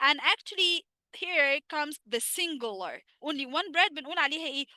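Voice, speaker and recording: A young Egyptian woman teaches English online, mixing Arabic with English and firing questions at her class before answering them herself. Her voice sits high and sounds very bright. The recording is dry and close. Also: rapid-fire, dry recording. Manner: animated, asks students rhetorical questions and answers them.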